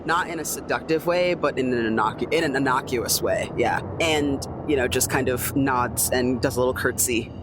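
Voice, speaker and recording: A man's voice: medium pitch, moderate pace, few pauses, background noise. A man playing a tabletop game, casually describing his character's actions with hesitations. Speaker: player.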